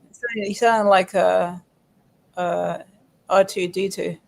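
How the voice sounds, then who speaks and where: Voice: medium pitch, steady tone, slow pace, creaky, no room sound. A friend on a call giving short, dry-humored replies in a casual chat.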